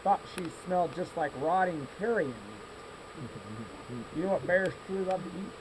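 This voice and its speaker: A man telling folksy tall tales to a scout troop, with deadpan exaggeration and asides to his listeners, recorded outdoors in a meadow. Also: high-pitched, normal speed. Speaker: campfire storyteller for a scout troop. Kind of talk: folksy tall-tale storytelling. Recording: outdoor recording with loud insects and traffic.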